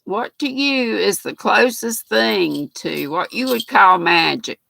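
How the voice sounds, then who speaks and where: Laughing and chatting folksily, this older Southern woman from North Carolina runs a live stream where she reads out comments from viewers. Her mid-range voice is pushed and bright, slow yet lively in intonation, with some vocal fry. No room sound comes through.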